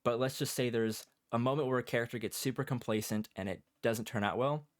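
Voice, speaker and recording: A man's voice: mid-range voice, brisk, dry recording, studio quality. A man co-hosting a podcast, chatting casually and acting out his reactions while he tells a story. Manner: animated storytelling, acts out his own thoughts. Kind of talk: casual chat.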